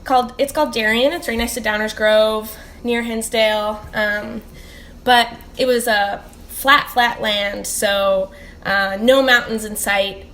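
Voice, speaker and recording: Enthusiastic young woman geologist, slightly high pitch, faint hiss on the recording. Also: steady tone, a little slow, a bit bright. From Chicago suburbs. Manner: enthusiastic, filler-heavy explanations. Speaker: guest geologist, PhD student. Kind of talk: interview answers. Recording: faint background noise.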